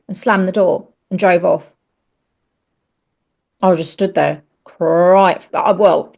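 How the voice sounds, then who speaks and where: A woman's voice: fairly low pitch, a little fast, gravelly. Frank woman telling a painful story. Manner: animated, acts out the dialogue in raised voices; frank, swears freely. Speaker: podcast guest, actress. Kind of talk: candid personal storytelling.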